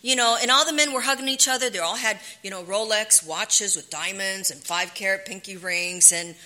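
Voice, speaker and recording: A middle-aged woman telling her own recovery story in a candid, halting way, often dropping to a hushed whisper. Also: mid-range voice. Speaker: recovery speaker. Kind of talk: personal testimony.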